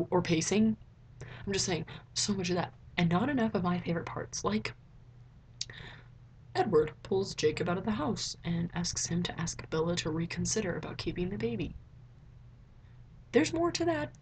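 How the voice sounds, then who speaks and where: A young woman chatting casually in a rambling vlog review, filling her talk with "like" and jumping up in pitch when excited. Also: a little hiss or hum. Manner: chatty, rambling, heavy use of "like". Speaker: vlogger. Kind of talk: casual movie review chat.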